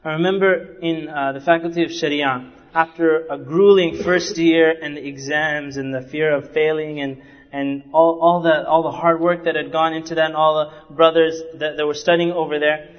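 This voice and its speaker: A man's voice: fairly high pitch, fairly even intonation, moderate pace. Man giving a sermon, earnest and repetitive, quotes arabic, muffled lo-fi sound in a big echoey hall. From Canada. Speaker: Islamic preacher. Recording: dull lo-fi recording in a reverberant hall.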